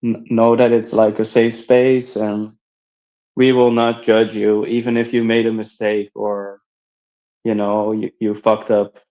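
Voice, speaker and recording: A man in casual chat on a live audio space, earnest and reassuring, halting with many fillers. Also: lowish voice, flat delivery, warm tone. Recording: slightly dull lo-fi audio.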